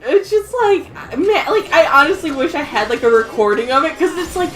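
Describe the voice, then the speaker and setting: High bouncy young woman rambling and giggling through a gameplay chat, lots of swearing. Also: big pitch swings, a little fast. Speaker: let's play co-host. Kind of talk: casual chat over gameplay. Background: faint game music.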